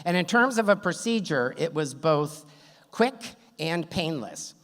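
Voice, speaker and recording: A man's voice: a little high, lively intonation, a little slow, fairly bright tone. A man telling a funny true story on stage at a story slam, wry and self-deprecating, with a good sense of timing. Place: stage in a theater hall. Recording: long hall reverb, on stage.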